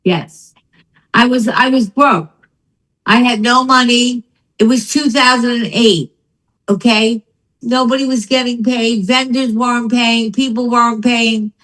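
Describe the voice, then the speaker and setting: A woman's voice: on the high side, measured pace, low-quality recording. An older woman telling her story as a guest in a casual conversation, acting out the people she quotes. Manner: animated storytelling, acts out quotes. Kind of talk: casual chat.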